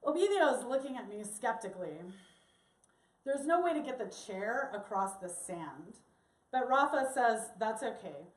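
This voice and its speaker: A woman telling a personal story to an audience in an animated, expressive way. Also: a little high, normal speed, roomy sound, far from the mic. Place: church hall.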